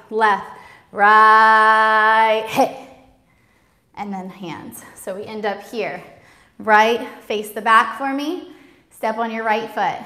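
A woman's voice: fairly high pitch, sharp tone. A woman teaching a live-streamed belly dance class, counting steps and calling out cues in a bubbly way. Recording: roomy studio with music behind.

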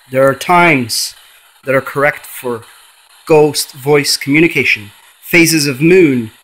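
A man hosting a ghost-hunting vlog, calling out repeatedly to spirits and then lecturing insistently in drawn-out, emphatic explanations. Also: a little high, fairly bright tone, rough recording. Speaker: paranormal channel host.

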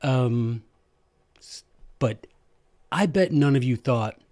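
A man, hosting a podcast and telling history stories in a lively, joking, self-deprecating way. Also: mid-range voice, slow pace, pauses often, no room sound, clean studio sound. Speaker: podcast host, former history teacher. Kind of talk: casual history storytelling monologue.

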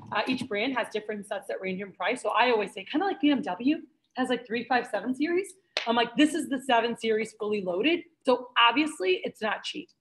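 A young woman leading a sales training session, talking fast and chatty and acting out customer exchanges for her trainees. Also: on the high side, rough recording. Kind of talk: sales training talk to a group. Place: office room with trainees.

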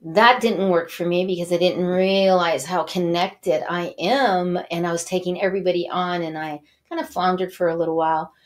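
A middle-aged woman hosting a wellness show, talking straight to viewers as an animated storyteller and Reiki teacher. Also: lowish voice, moderate pace, hardly any pauses. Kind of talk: motivational talk to viewers.

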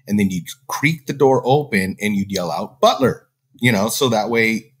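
Animated man telling a funny anecdote. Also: lowish voice, normal speed, breathy edge. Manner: animated, laughing, acts out his reactions. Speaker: podcast host, former butler. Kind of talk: casual storytelling.

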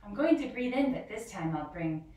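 A woman leading a yoga lesson for young children, giving gentle, slow, sing-song instructions. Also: mid-range voice, animated. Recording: echoey room from far off.

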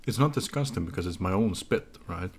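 A man's voice: low voice, expressive, brisk, darkish tone, slight background noise. Young man streaming, rambling and cursing. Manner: loose, rambling and profane, eating while talking. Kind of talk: casual let's-play commentary.

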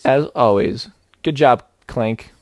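A man's voice: mid-range voice, takes it slowly, no echo. A young man giving casual, joking commentary as he plays a video game, rambling and talking back to the characters on screen. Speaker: let's play host.

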